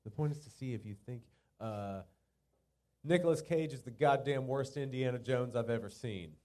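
Man, podcast co-host; warm, dark tone; playful quizmaster energy. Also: medium pitch, moderate pace. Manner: teasing quiz asker. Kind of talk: casual chat.

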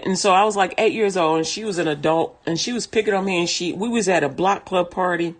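A woman casually telling a personal story in conversational, vernacular speech, often laughing and restarting her sentences. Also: medium pitch.

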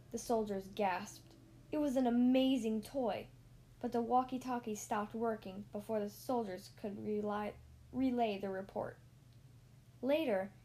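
A woman reading a children's storybook aloud in a clear, steady voice. Her voice sits a little high for a woman. She keeps an even storytelling pace. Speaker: narrator.

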